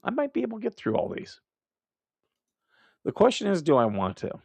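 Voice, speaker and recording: A man's voice: sits high, wildly swooping pitch, fairly quick, gravelly, darkish tone, dry recording. Blunt, profane man hosting a live stream. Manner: laughs at his own remarks. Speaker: livestream host. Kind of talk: casual live commentary.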